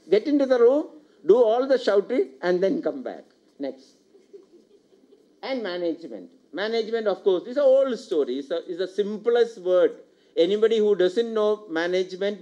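A man's voice: high voice, mellow. An older man with an Indian English accent giving a public lecture, asking the audience rhetorical questions and repeating his key points. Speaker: university lecturer. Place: lecture hall. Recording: dull lo-fi lecture recording.

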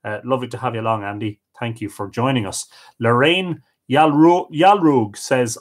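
An Irish man hosts a live storytelling stream, reading viewer comments aloud and greeting each person, now and then stumbling over unfamiliar names. His mid-range voice is animated and moves at a moderate pace.

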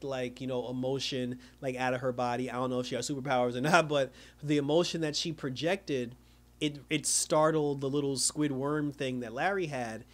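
A young man recapping a TV episode casually, acting out the characters' lines and laughing often. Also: a little high. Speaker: show reviewer.

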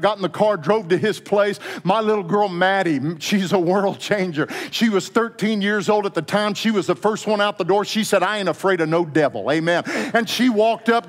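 A middle-aged man preaches to his congregation, telling a story and dropping to soft, hushed tones for quoted words before climbing into fervent, higher passages. His voice sits a bit high for a man. The sound carries the long reverb of a church sanctuary. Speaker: pastor. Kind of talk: sermon.

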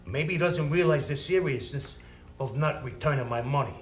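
A man's voice: fairly high pitch, normal speed, lightly acted. A man acting as a brash young loan shark who trades insults and gives orders. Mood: blustering. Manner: blustering, insulting, then soothing. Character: young male loan shark, brash, bossy, quick-tempered. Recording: echoey room.

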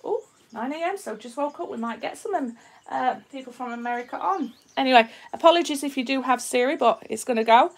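She's a resin artist from Yorkshire, England, live streaming her craft and casually chatting with viewers, welcoming them and reading their comments. Her voice sits high and moves fairly quickly, and her Yorkshire accent has a slight Australian twang.

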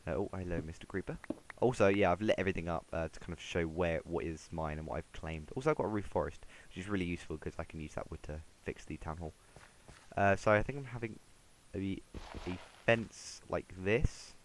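Deep-voiced guy narrating gameplay. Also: a little fast, slight background noise. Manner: rambling, talks to himself while playing. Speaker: gameplay commentator. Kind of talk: casual gameplay commentary. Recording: game music playing underneath.

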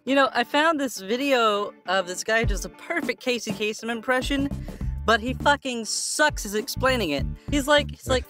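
A woman co-hosting a podcast in casual chat, animated, laughing often and swearing casually. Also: on the high side, normal speed, soft background music. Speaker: podcast co-host.

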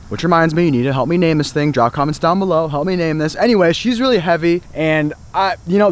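A young man chatting excitedly to viewers while fishing and cleaning fish outdoors, calling them folks and boys. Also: a little high, a little hiss or hum. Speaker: fishing vlogger. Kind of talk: casual outdoor vlog tutorial.

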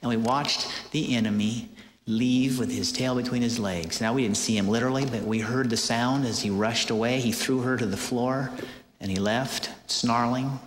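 A man preaching a sermon, telling a story in an animated way with many hesitant fillers. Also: medium pitch, moderate pace, slight background noise. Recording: echoey hall with long reverb.

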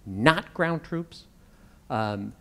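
A man's voice: mid-range voice, expressive, very slow, pushed and bright. A man, a former ambassador, making his case in a public debate and repeating key points for emphasis.

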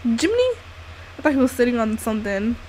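A woman commenting on a life-sim game as she plays, excitable and swearing freely while she narrates what her characters do. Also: a little high, fast talker, slight background noise. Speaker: gaming channel host. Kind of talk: let's-play commentary.

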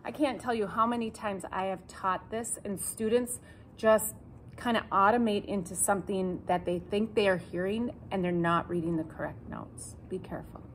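A woman's voice: medium pitch, fairly even intonation, normal speed, a little hiss or hum. A woman teaching a cello lesson, counting in and calling out notes, patient and self-joking. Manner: patient, repeats instructions, jokes about herself. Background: cello playing along.

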